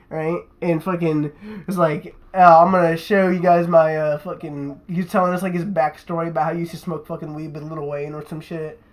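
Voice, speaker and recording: A man's voice: a little high, low-quality recording. A young man, a podcast host, telling a rambling, profane story in casual chat and tacking "right?" onto his sentences.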